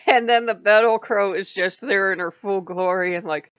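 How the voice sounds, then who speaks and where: A woman's voice: mid-range voice, moderate pace, clear, resonant tone, no room sound, highs cut off. A woman recounting her dreams and visions in a rambling, casual vlog, laughing often. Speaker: spiritual vlogger.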